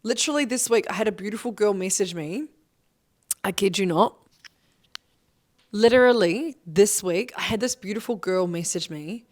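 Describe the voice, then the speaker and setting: A woman's voice: medium pitch, normal speed, pauses often, darkish tone. Fired-up, swearing woman coach. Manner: swears often, emphatic and fired up. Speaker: business coach. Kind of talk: motivational monologue.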